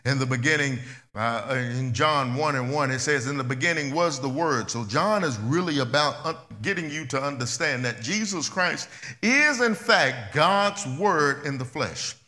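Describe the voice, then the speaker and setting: A man preaching a sermon as pastor, talking plainly and conversationally, repeating phrases and swinging between loud and soft. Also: mid-range voice, animated, a little slow, in a large hall.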